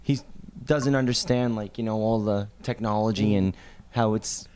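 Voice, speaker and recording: A man's voice: fairly low pitch, steady tone, normal speed, darkish tone, clean tone. A man, a touring musician guest, chatting casually on a podcast, rambling and laughing mid-sentence.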